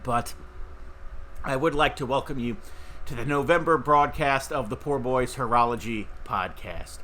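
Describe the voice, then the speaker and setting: Middle-aged man, podcast host, bright tone, chatty and rambling, faint background noise. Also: mid-range voice, a little slow. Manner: rambling, chatty, with fillers and restarts. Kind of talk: casual talk to camera.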